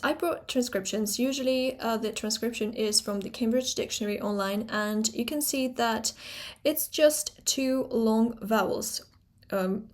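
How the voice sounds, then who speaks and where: A young woman teaching phonetics in a casual lesson, talking slowly and deliberately as she demonstrates how words are pronounced. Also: a little high. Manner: slow, deliberate, demonstrating pronunciations.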